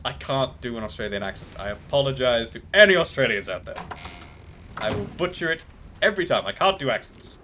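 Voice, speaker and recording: A man's voice: mid-range voice, animated, fairly quick, sharp tone, slight background noise. A man streaming a game live, chatting casually and rambling off into trivia tangents. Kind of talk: casual gameplay commentary.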